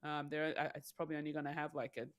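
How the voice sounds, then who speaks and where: A woman's voice: sits low, flat delivery, very fast. A woman co-hosting a podcast, giving her take in a casual, thoughtful way with plenty of fillers. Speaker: podcast co-host.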